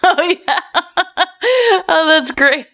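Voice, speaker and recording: A woman's voice: very high voice, expressive, extremely slow, fairly bright tone. A woman co-hosting a podcast who listens, laughs often and adds short reactions. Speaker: podcast co-host. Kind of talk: casual chat.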